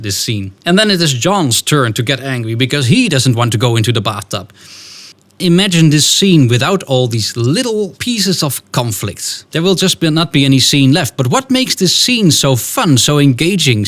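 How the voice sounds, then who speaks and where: A man who works as a storytelling coach, giving a podcast writing lesson in an animated way and acting out short scenes. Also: mid-range voice.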